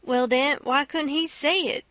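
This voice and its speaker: A woman's voice: high voice, fairly even intonation, measured pace, fairly bright tone, no room sound. A woman reading the lines of a stubborn grown man who keeps insisting in an argument with a boy, in an audiobook.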